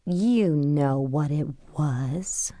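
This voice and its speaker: A woman voicing a cold, sly inner voice in an audiobook, speaking slowly and menacingly. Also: deep voice, animated, dark tone, no room sound, clean studio sound, full character voice. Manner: slow and cold. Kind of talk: audiobook character voice.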